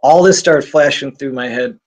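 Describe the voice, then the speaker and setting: Halting, intense man telling his story. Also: mid-range voice, muffled recording. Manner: halting, repeats and restarts words, intense. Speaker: interview guest telling his survival story. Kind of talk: personal testimony in an interview.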